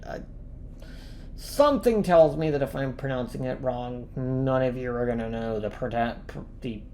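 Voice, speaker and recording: A woman's voice: very deep voice, dark tone, a little hiss or hum. A woman streaming a video game, commenting casually and swearing as she rants in angry outbursts.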